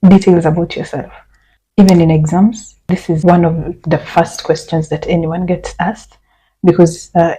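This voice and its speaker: A woman from Kenya giving a beginner language lesson, repeating each phrase slowly and carefully. Her voice sits a little low and sounds mellow, with a soft, husky edge. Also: poor audio. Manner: patient, step-by-step explaining with repeated example phrases. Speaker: French teacher.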